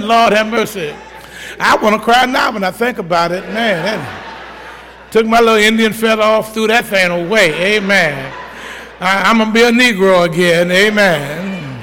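High, bright-voiced preacher man in a reverberant hall. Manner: storytelling, folksy, call-and-response. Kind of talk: sermon. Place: church.

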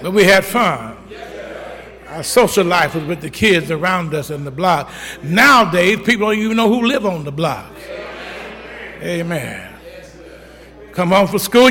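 A man's voice: high-pitched, expressive, measured pace, bright, forceful tone, long reverb tail. An older man, a pastor, preaching a sermon in church, telling stories from his own life and punctuating them with amens. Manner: storytelling with call-outs of amen, folksy. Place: church sanctuary.

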